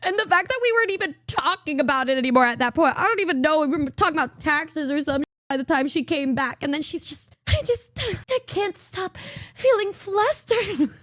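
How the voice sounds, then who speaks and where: A young-sounding woman with a high voice chats on stream, giggling often and cursing freely as she teases. Her sound is close and dry, with no room around it. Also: fast, few pauses, a bit bright, no room sound. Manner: giggly, swears freely, teasing. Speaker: streamer reacting to viewer clips. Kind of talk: casual chat.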